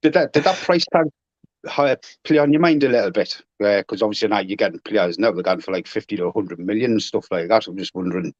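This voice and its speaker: A man's voice: lowish voice, fast talker, dry recording. A man hosting an interview, asking long conversational questions. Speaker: interviewer, host. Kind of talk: podcast interview. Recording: dull, dry lo-fi sound.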